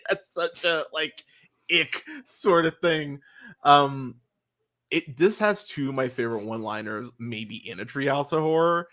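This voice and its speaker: A man's voice: fairly high pitch, unhurried, fairly bright tone. A man hosting a podcast, talking casually and animatedly, laughing often and restarting his sentences. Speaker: podcast host.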